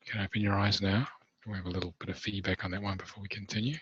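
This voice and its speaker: A man hosting a healing webinar, gently guiding listeners through a meditation and then inviting them to share. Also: low-pitched, flat delivery, slightly rough, no room sound. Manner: slow soothing guidance, asks participants to share. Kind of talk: guided meditation and group feedback. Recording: dull lo-fi webinar audio.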